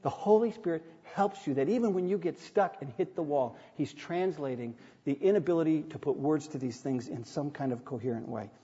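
A man's voice: fairly high pitch, a little fast, few pauses, warm tone, breathy edge. A middle-aged man preaching a sermon from the pulpit, reading scripture aloud and telling personal stories in an earnest way with touches of light humor. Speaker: pastor. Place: church sanctuary. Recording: dull sound with long hall reverb.

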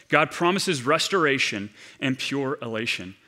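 Male pastor mid-sermon; fairly high, bright, forceful delivery, earnest, slowing on key points. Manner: earnest, slows down to stress key phrases.

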